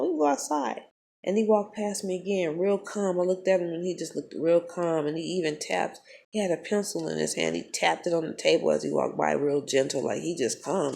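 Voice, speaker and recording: A woman, telling a personal story in a casual vlog, blunt and profane, animated as she talks. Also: low voice, vocal fry, slight background noise. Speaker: spiritual vlogger.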